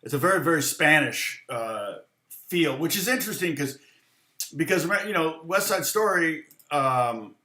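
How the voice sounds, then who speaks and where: A man's voice: a little high, expressive, measured pace, bright, forceful tone. A man teaching guitar on a live stream, answering viewer questions, thinking aloud with a rambling manner and counting and scatting rhythms. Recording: roomy echo.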